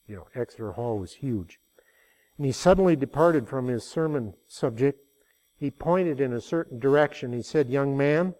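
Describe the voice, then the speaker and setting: A man's voice: medium pitch, a little mellow. An older man preaching a sermon, telling stories in a folksy way and rising into emphatic passages.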